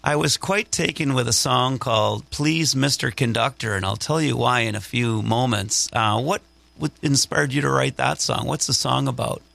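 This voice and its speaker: A man interviewing a musician in a relaxed, friendly way, laughing often and asking long questions. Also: mid-range voice, normal speed, creaky. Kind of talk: casual interview.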